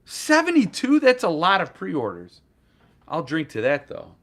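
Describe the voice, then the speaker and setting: A man's voice: fairly high pitch, wildly swooping pitch, a little slow, fairly bright tone. A man hosting a casual live stream about books, rambling and joking as he reacts to chat comments. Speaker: booktuber host.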